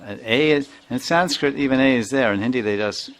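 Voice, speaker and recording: A man's voice: medium pitch, a little slow, a bit bright. An older man giving an informal spiritual talk, chuckling often and repeating words as he sounds them out. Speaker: spiritual teacher.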